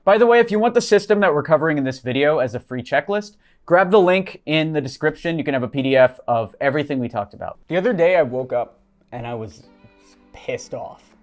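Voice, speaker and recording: A man's voice: a little high, lively intonation, quick pace. Guy entrepreneur vlogging about managing people, swears a lot, jokey, faint music behind. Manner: candid, profane, joking. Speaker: business coach and entrepreneur. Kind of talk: casual vlog monologue.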